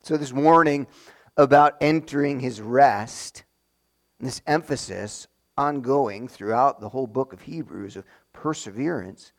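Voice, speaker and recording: A man's voice: mid-range voice, measured pace. A man giving a sermon in a conversational teaching way, explaining his point step by step to a congregation. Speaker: pastor.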